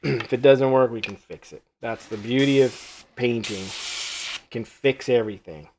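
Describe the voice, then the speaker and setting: A man's voice: mid-range voice, a little slow, a little mellow, slight background noise. A man hosting a live mask-painting tutorial, thinking aloud as he works, easygoing and rambling, with small jokes at his own expense. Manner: easygoing, rambling, self-joking; thinks aloud while working. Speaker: mask artist demonstrating painting.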